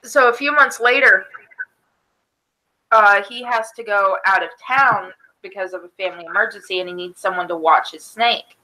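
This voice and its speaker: A woman with a bright, clear voice tells an anecdote in casual podcast chat. She talks at a middling pitch and acts out other people's lines as she goes. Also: normal speed, rough recording. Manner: animated anecdote-telling with voiced quotes. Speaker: podcast co-host.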